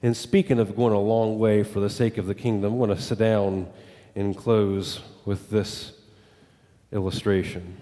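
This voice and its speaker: A man's voice: lowish voice, flat delivery, unhurried, mellow, in a large hall. A pastor telling a story in a sermon, voicing quoted dialogue as he goes. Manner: retells a story with quoted dialogue, rising and falling with it.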